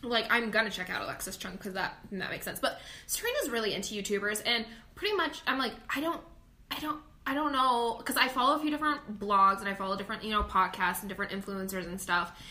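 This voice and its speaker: Woman, podcast co-host, opinionated casual chat, bright tone. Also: medium pitch. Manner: frank, opinionated, quick asides.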